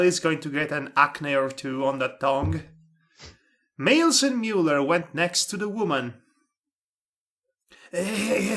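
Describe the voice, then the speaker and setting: Guy reading a silly story out loud, slow, bright high voice, sarcastic asides. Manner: sarcastic asides and laughter between lines. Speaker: host reading a comic story aloud. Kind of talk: comedic dramatic reading.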